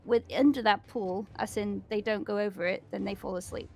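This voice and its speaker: A woman's voice: mid-range voice, steady tone, a little fast, gravelly, warm tone. A woman playing a tabletop game over a call, chatty as she explains the rules of her turn. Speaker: player. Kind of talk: casual tabletop play.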